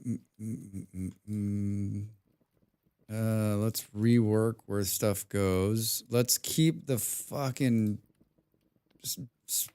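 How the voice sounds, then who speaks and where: A young man commenting live on a survival game, excitable, talking to himself, humming and swearing between moves. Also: lowish voice, smooth. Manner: excitable, talks to himself, hums and mutters while playing; swears often. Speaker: streamer.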